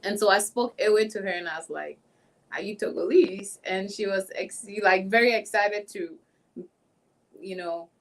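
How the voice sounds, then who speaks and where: A woman's voice: medium pitch, moderate pace, low-quality recording. A woman speaking as a panel guest, sharing anecdotes in an emphatic, storytelling way. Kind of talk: casual panel talk.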